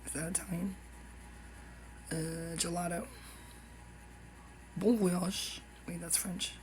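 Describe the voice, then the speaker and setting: A woman's voice: lowish voice, steady tone, takes it slowly, soft background music, rough recording. A woman YouTuber talking in a rambling, stream-of-consciousness monologue, jumping between topics and dropping into whispered asides.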